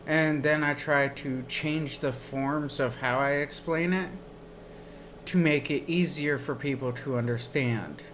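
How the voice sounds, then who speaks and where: A man's voice: a little high, a bit bright, a little hiss or hum. A man streaming while gaming, telling rambling stories in a casual chat. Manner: slow rambling storytelling.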